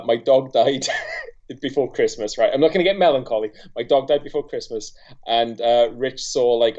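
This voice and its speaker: A man's voice: medium pitch, darkish tone. Swearing tipsy man, dull sound. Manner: swearing, stumbling, laughing, tipsy. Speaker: guest filmmaker. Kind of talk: casual chat.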